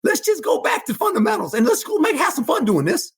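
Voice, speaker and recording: An older man, a former football coach, telling stories as a guest in an interview, animated and emphatic, often repeating phrases. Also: very high-pitched, fast talker. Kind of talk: storytelling interview.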